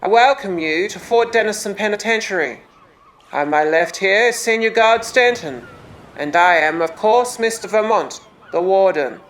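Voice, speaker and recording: A woman's voice: medium pitch, moderate pace, slight background noise, close to an everyday voice, poor audio. A woman voicing a short, formal male prison warden, pompous and official.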